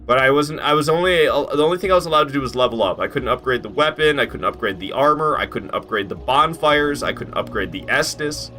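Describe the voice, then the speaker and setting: Brisk, with few pauses, a man in a sharp mid-range voice gives casual live-stream commentary over faint music. He talks to chat, swears freely, and sounds amazed by an old run of his.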